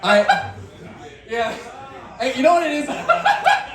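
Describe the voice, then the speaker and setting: A man's voice: very high voice, animated, a little slow, a bit bright. A man chatting casually as a comedian guest on a podcast, playful and rambling. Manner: playful, rambling, puts on hype radio voice. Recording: echoey room, far from mic.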